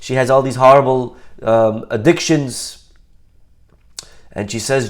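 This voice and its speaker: A man giving a storytelling talk, lively and acting out the people he describes. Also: medium pitch, unhurried, long pauses. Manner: animated, acts out the people in his story. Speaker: speaker.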